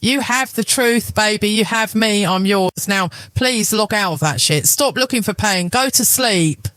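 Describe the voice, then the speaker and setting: A man reading the lines of a manipulative husband in a scripted story, pleading one moment and shouting the next. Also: high voice, measured pace, clear, resonant tone, dry recording, pitched above the performer's own voice, rough recording. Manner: pleading, then cold and shouting.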